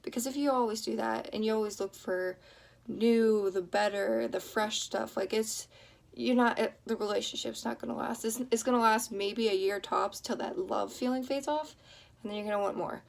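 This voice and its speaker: Earnest young woman with gravelly fry. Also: fairly high pitch, fairly even intonation. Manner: earnest, talks in quick bursts with many fillers and restarts. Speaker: vlogger. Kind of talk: casual advice chat to camera.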